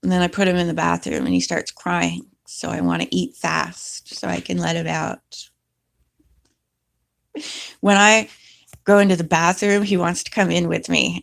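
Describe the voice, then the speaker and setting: A woman's voice: lowish voice, measured pace, gravelly. A woman vlogger chatting casually and rambling, now and then talking to her cat.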